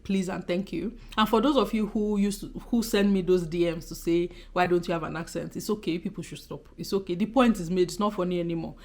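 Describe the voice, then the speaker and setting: A woman's voice: on the low side, steady tone, brisk, hardly any pauses, darkish tone. A young woman from Nigeria with a Nigerian accent, talking straight to camera in a vlog, emphatic and exasperated, firing off repeated rhetorical questions. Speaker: vlogger. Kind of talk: direct-to-camera vlog talk.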